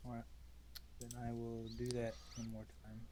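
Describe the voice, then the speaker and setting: A man playing in a tabletop game, quiet and hesitant. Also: medium pitch, completely flat delivery, normal speed. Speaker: player. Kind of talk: casual tabletop game chat.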